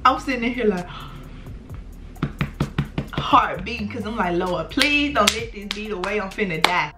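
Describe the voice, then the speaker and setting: A young woman vlogger spins a storytime for her followers, animated and slangy, cursing freely as she talks to them directly. Her voice sits at an ordinary middle pitch. Soft music plays faintly behind her. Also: fairly quick. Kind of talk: storytime vlog.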